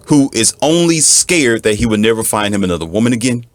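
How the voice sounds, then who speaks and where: A man's voice: mid-range voice, lively intonation, a little fast, hardly any pauses. A man giving an emphatic, repetitive lecture as a relationship coach. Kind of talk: lecturing monologue.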